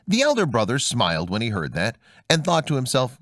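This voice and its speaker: A man reading a fairy tale aloud in a measured, expressive way as storyteller. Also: medium pitch, dry recording, clean studio sound. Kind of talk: scripted fairy-tale narration.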